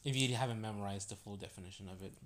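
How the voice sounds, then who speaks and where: A man's voice: lowish voice, very fast. A man in a casual couple's chat, speaking in an easygoing way and often hedging with "you know".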